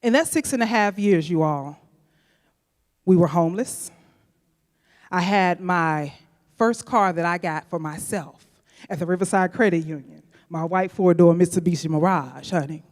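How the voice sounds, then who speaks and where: A woman's voice: fairly low pitch, moderate pace, big-room sound. A woman from St. Louis telling a personal story on stage, playful and chatty, talking straight to the audience. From St. Louis, USA. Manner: playful, chatty, addresses audience with "y'all" and "honey". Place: event venue stage.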